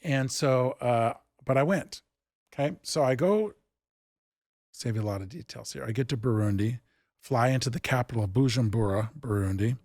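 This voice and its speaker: A man who founded an improv theatre, telling stories in a casual interview and acting out the dialogue with lively jumps in pitch. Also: normal speed, no room sound, clean studio sound. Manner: animated, acts out quoted dialogue with big pitch jumps.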